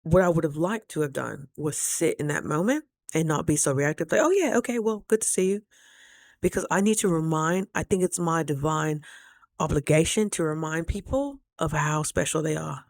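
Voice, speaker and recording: Woman vlogger, playful storyteller, gravelly fry, dry close sound. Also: low voice, lively intonation, normal speed, a little mellow, dry recording. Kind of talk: casual storytelling vlog.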